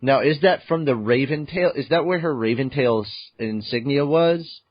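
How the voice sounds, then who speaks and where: A man's voice: mid-range voice, moderate pace, muffled recording. A man hosting a podcast who recaps a manga chapter in casual chat, acting out his own reactions and swearing freely. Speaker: podcast host.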